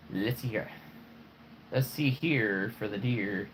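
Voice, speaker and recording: Man, 40s, live stream host, playful, rambling, slow, low voice, faint background hiss. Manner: playful and rambling, with chuckles and wordplay. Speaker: live stream host showing his figure collection. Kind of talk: casual live stream chat.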